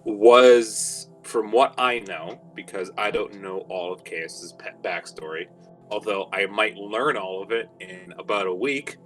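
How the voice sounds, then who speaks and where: A man's voice: fairly low pitch, measured pace, faint music behind, rough recording. A man on a streamed game panel, chatting loosely and joking, swearing casually as he talks. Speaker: tabletop game player, panelist.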